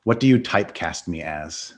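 A man hosting a casual podcast interview, upbeat and quick to laugh. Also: sits low, animated, breathy edge. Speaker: podcast host.

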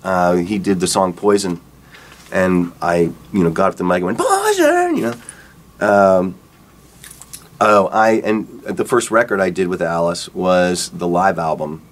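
A middle-aged man, a rock guitarist, casually telling stories about his career in a relaxed, rambling way. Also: deep voice, a little slow. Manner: relaxed, rambling, acts out quotes with laughs. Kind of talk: casual storytelling interview.

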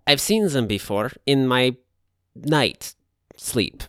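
An earnest young half-alien character, voiced by a woman, searching for words and often stopping short. The voice is smooth and close. The room sounds dry. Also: rumbling low, expressive, no room sound, heavily acted. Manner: halting, searching.

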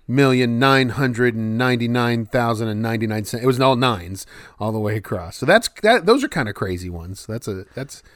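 A man's voice: mid-range voice, animated, brisk, a bit bright, dry recording, clean studio sound. A man co-hosting a casual podcast chat, rambling with many false starts. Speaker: podcast co-host.

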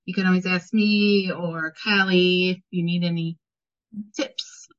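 Woman, lower voice, unhurried, relaxed casual chat, dull lo-fi recording. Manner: relaxed, gives practical tips with fillers. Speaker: podcast co-host. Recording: dull lo-fi sound.

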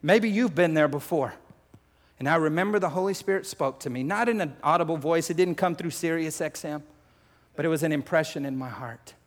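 A man preaching a sermon, emotional, shifting between loud urgency and hushed confession, talking to the crowd as folks and family. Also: on the high side, brisk. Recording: long hall reverb.

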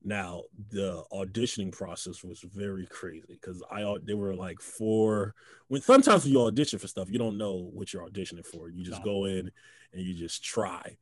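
A young man, a guest comedian, telling a story in a casual chat, animated, laughing often and acting out the voices he quotes. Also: deep voice, moderate pace, no echo.

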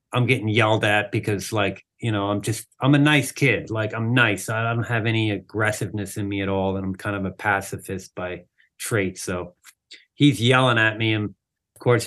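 A man, a drummer, guest on an interview, telling a casual story with lots of "like" and "you know" fillers. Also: fairly low pitch. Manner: animated, acts out quoted people in the story.

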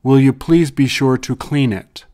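A man reading English example sentences and brief explanations in a measured, deliberate way, as a language teacher. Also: medium pitch, fairly even intonation, mellow. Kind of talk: slow scripted language drill.

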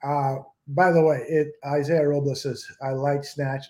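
A man's voice: mid-range voice, flat delivery, unhurried, a little mellow. A man hosting a casual sports chat, easygoing and hesitant, with frequent fillers as he reads chat and brings guests in. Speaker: show host.

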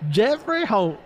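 A man's voice: sits high, fairly bright tone, voice pushed up, exaggerated voice. A man putting on an exaggerated Southern drawl to read a book blurb aloud, stumbling over long words. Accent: put-on American Southern.

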